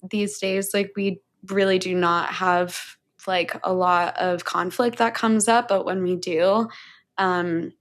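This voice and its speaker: A woman's voice: on the low side, fairly even intonation, takes it slowly. A woman guest on a podcast, talking candidly and animatedly, swearing freely and laughing as she tells stories about relationships. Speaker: podcast guest, breathwork mentor. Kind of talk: casual podcast conversation.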